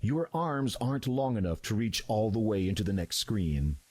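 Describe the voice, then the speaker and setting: A man's voice: fairly low pitch, expressive, moderate pace, a little mellow, slightly rough, dry recording. A man as a dry, sardonic game narrator. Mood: wry. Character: wry male narrator of an adventure game. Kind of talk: scripted narration.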